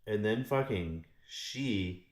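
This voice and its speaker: Male host, deep voice, swears constantly, rambles through a story with lots of asides. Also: expressive, slow pace. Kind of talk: casual profane storytelling. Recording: echoey room.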